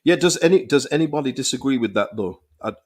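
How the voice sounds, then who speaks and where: A young man hosting a casual football live stream, reading viewers' comments and reacting with animated, restart-filled talk. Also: mid-range voice, fast talker. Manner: animated, thinks aloud with frequent restarts and repeated words. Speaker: football channel host reading live chat.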